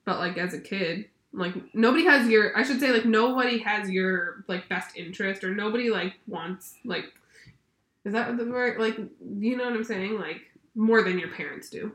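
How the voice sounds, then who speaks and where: A woman's voice: mid-range voice, normal speed, fairly bright tone. A woman in her thirties chatting casually as a podcast co-host, with lots of fillers and acted-out quotes. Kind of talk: casual chat. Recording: roomy echo.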